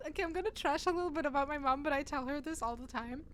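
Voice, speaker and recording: Racing along in a voice that sits high, a woman streamer tells animated stories to her viewers and laughs often in a giggly, casual chat. Slight background noise and faint cat purring can be heard.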